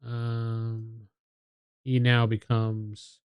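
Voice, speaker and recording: A man's voice: mid-range voice, monotone, drawn-out words, smooth, no room sound, lo-fi sound. A man playing a tabletop game with a friend, thinking aloud as he works out rulings. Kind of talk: casual tabletop game play.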